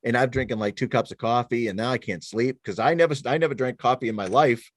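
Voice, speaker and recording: Animated storytelling veteran man, dry close sound. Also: medium pitch, fast talker, dry recording. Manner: animated storyteller, self-deprecating, many restarts. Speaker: guest, former police officer and military veteran. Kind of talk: casual podcast conversation.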